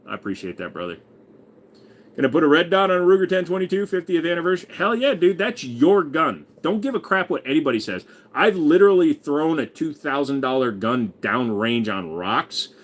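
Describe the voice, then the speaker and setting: A man's voice: fairly high pitch, very animated, fairly quick. A man in his forties hosting a casual livestream, crudely joking and reading viewer messages aloud. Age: 40s. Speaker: livestream host.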